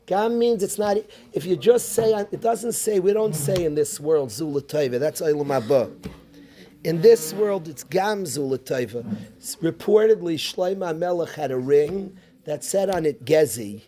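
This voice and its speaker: A man teaching an informal Torah class as a rabbi, animated, firing rhetorical questions and mixing Hebrew terms into his English. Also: a little high, measured pace.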